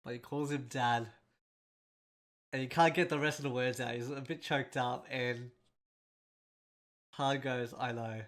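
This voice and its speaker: A man's voice: mid-range voice, fairly even intonation, unhurried, pauses often, a bit bright. A man hosting a casual film breakdown, speaking in a rambling and emotional way with a congested, nasal voice. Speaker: host.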